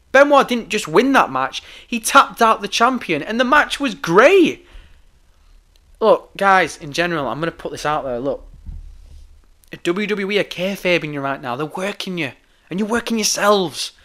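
A hoarse man hosting a podcast, ranting heatedly and swearing a lot, often repeating himself. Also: fairly high pitch, sharp tone. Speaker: podcast host. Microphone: podcast microphone.

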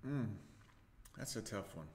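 A man's voice: lowish voice, lively intonation, unhurried. A man hosting, giving laid-back, wry reaction commentary. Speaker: host reacting to clips. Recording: echoey room.

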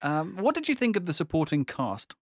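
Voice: medium pitch, big pitch swings, a little fast, no echo. Giggly podcast host tossing out questions, dry close mic. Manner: playful, giggly, asks questions. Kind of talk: casual chat.

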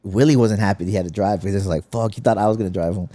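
A man's voice: fairly low pitch, racing, warm tone, dry recording. A man co-hosting a podcast, rambling through anecdotes full of swearing and "I'm like.". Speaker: podcast co-host. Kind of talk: casual profane chat.

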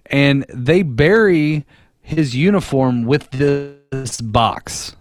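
A man co-hosting a casual podcast, retelling a movie in a rambling, profane, animated way. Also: medium pitch, drawn-out words, faint music behind. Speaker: podcast co-host.

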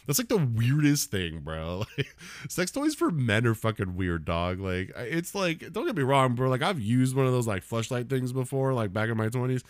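A man's voice: medium pitch, very animated, normal speed, no room sound, clean studio sound. A man in his thirties hosting a solo comedy podcast, ranting casually with lots of swearing and laughter. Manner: profane, rambling, laughs often.

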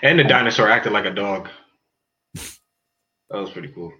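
A man hosting a podcast, arguing loudly and joking in casual banter, laughing often. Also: lowish voice, animated, measured pace. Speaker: podcast host. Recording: slightly dull sound with faint noise.

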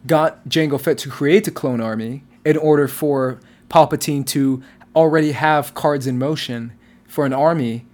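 A man in casual chat, animated and swearing, mocking movie dialogue in put-on voices. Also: on the high side, moderate pace.

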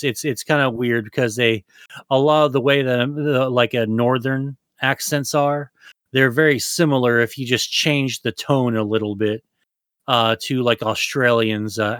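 A podcast co-host rambles loosely in casual chat, swearing a lot and cracking jokes. His mid-range voice is a bit bright, captured with studio quality and no room sound.

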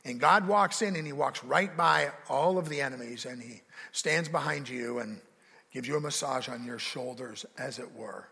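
Preaching man with a gravelly voice. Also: medium pitch, normal speed, sharp tone, long reverb tail. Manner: preaching with rising emphasis and dramatic quoted voices. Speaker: pastor. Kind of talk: sermon.

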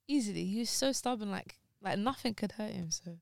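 A woman's voice: medium pitch, brisk, gravelly, darkish tone, no echo. A woman co-hosting a casual podcast chat, speaking openly and emotionally while grieving, her voice close to tears. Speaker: podcast co-host.

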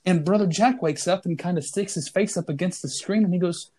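A man's voice: sits high, a little fast, mellow. A man co-hosting a podcast, telling a funny story in casual chat and laughing through his punchlines. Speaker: podcast co-host.

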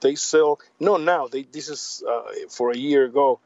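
A man from Puerto Rico, a native Spanish speaker with a Puerto Rican accent, talking in a casual interview in halting, repetitive English. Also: medium pitch, darkish tone, no echo, dull audio. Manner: halting, repeats words, drops grammar. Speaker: guest.

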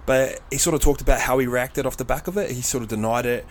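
A man's voice: mid-range voice, fast talker, a little hiss or hum. A man from New chatting on a podcast, swearing casually and acting out stories. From New Zealand. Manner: swearing, animated retelling of stories. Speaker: podcast guest. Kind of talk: casual chat.

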